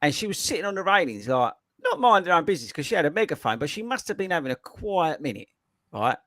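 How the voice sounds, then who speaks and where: Animated, high-pitched man. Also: fast talker, no room sound, clean studio sound. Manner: animated, laughing storyteller. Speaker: podcast host. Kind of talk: casual chat.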